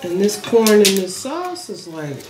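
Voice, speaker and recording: A woman hosting a casual mealtime chat at home, talking slowly and relishing the food. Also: mid-range voice. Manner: slow, relaxed, relishing the food. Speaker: host, the aunt. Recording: roomy, distant, noisy home recording.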